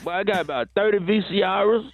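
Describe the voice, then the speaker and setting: A man's voice: a little fast, no echo, dull audio, lightly acted. A man voicing a brash streetwise hustler, rambling in slang. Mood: hustling. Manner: slangy, rambling, boastful sales pitch. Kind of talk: radio prank-character comedy bit.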